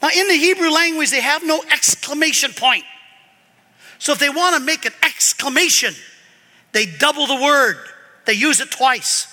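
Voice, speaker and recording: A man with a very high, piercing bright voice preaches a sermon, animated and swinging between loud emphasis and quiet asides. His voice rings with a long hall reverb. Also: normal speed. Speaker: pastor.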